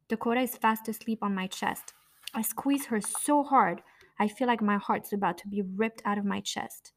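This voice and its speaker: A woman narrating her own memoir in a blunt, raw, profane way. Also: mid-range voice.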